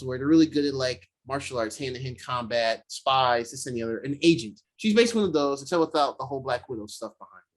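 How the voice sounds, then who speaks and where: A man with a fairly high voice recaps an episode for his podcast co-host. He talks casually and acts out the characters' lines in quick, animated voices. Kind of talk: casual chat recapping a show.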